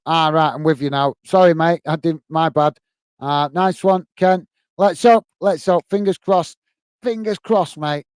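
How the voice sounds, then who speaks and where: A tired-sounding man hosts a football channel's live stream, reading viewer comments and signing off in a friendly way, with repeated sign-offs and plenty of fillers. His voice is fairly high with a darkish, clean tone and no echo.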